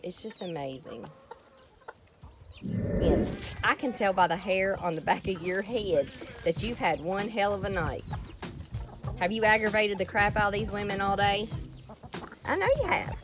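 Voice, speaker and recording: A woman's voice: mid-range voice, a little slow, long pauses. A woman chatting casually in a farm vlog, talking to and teasing her animals. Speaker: farm vlogger. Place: outdoor farmyard with chickens and goats. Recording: noisy outdoor farmyard, clucking chickens. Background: chickens clucking.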